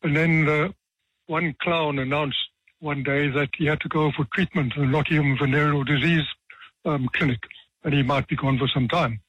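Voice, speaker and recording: A man in his seventies, a retired judge from South Africa, tells stories from his career with dry, self-deprecating humor and measured pauses. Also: a little high, fairly even intonation, fairly bright tone, husky, dry recording. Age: 70s. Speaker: retired judge, author guest. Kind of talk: relaxed anecdotal storytelling. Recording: dull, dry radio sound.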